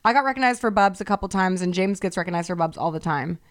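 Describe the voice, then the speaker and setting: A young woman co-hosting a podcast, telling a story in casual chat, animated and swearing freely. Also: fairly low pitch, quick pace. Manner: animated, swears freely, acts out voices in anecdotes. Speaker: podcast co-host.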